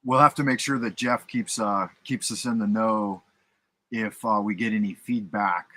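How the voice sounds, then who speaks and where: A man with a bright, slightly husky voice hosts a livestream in casual chat. He jokes and swears freely, often stumbling over his words. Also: lowish voice, fairly even intonation, moderate pace. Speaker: livestream host.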